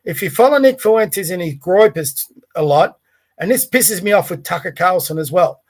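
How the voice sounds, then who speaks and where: A man's voice: high-pitched, expressive, moderate pace. A man hosting a livestreamed podcast, giving blunt, rambling commentary with plenty of swearing. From Australia. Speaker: podcast host.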